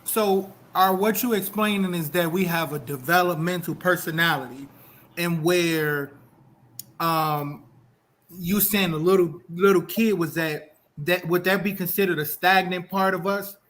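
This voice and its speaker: High-pitched man asking hesitant questions. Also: measured pace, fairly bright tone. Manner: hesitant, searching for words. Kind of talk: casual discussion.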